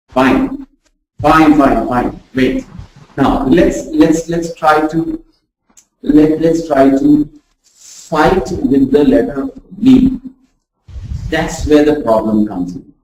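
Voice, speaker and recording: A woman teaching a pronunciation lesson, demonstrating sounds with deliberate exaggeration. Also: deep voice, warm tone. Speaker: communication skills trainer. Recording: very echoey room, voice far from mic.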